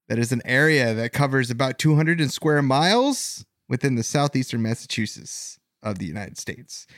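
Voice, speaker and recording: A man's voice: mid-range voice, animated, normal speed, hardly any pauses, fairly bright tone, no echo, clean studio sound. A man hosting a paranormal podcast in casual chat, rambling with fillers and self-corrections. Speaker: podcast host.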